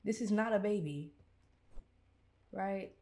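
A young woman, reacting loudly and profanely while playing a horror game. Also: medium pitch, slow pace, slight background noise. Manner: loud, profane, exasperated reactions. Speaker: gaming YouTuber.

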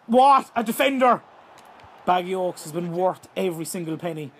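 A young Irish man giving live, excitable commentary on a football video game, swearing and shouting at the action. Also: high voice, moderate pace. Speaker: gaming YouTuber.

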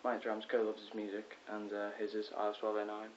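A teenage boy vlogging from his bedroom, rambling excitedly with lots of ums and self-corrections. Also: fairly low pitch, quick pace. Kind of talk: casual rambling vlog. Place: bedroom at home. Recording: dull lo-fi with faint hiss.

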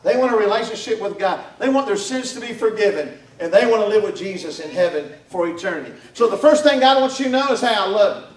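A man's voice: high voice, lively intonation, fast, few pauses. A man presents the gospel to families, using call-and-response and folksy rhetorical questions. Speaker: mission director preaching. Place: church hall at a Christmas party. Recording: echoey room, far from mic.

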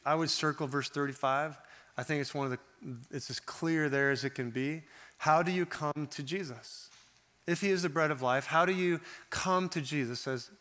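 A man preaching a sermon in a conversational, animated way, acting out the voices he quotes. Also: fairly high pitch. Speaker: pastor.

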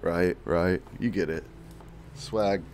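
A man's voice: sits low, takes it slowly, a little mellow, a little hiss or hum. A man doing parody streamer commentary over gameplay, boastful and mock-serious, full of jokey slang. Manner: jokey slang-filled patter. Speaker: gaming video creator.

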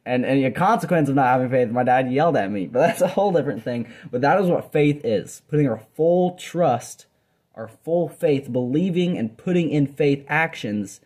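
Earnest young man, mellow voice. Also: mid-range voice, normal speed, breathy edge. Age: young adult. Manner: earnest, rambling, with many restarts and fillers. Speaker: Bible college student sharing a devotional video. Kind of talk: casual devotional talk to camera. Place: college dorm room.

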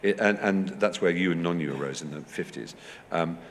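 Recorded in an echoey festival hall with a little hiss or hum, a man from England in his fifties delivers brisk, lively anecdotes as a guest speaker. When quoting people, he slips into high, squeaky voices.

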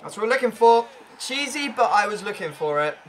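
A young man commentating his own football video game matches, excitable and swinging from frustrated groans to loud cheering. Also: high-pitched, brisk. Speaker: gaming YouTuber. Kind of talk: live gameplay commentary.

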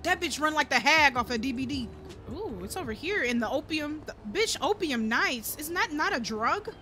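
A woman doing casual let's-play commentary, loud and playful, swearing often and talking to viewers and the game characters. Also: sits high, expressive, normal speed. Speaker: gaming streamer. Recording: game audio and music behind.

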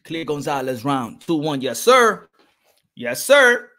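A man giving excited live boxing commentary from home, stammering over names and calling out to his viewers. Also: fairly high pitch, slow pace. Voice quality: repeats himself, stammers on names. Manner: hype, exclamatory, addresses viewers directly.

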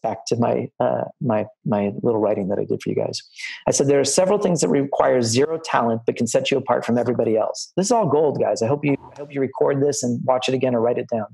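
A man's voice: mid-range voice, fast, gravelly, a little mellow, husky, rough recording. A middle-aged man, a line producer, telling film-set stories to students on a video call, rambling and restarting often. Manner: anecdotal and rambling, with many restarts. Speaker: line producer giving career advice.

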